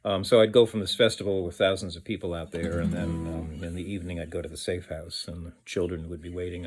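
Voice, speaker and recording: A man's voice: low voice, breathy edge. A man, a children's musician, telling a story in a rambling, hesitant way with many fillers. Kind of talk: casual storytelling with sung song.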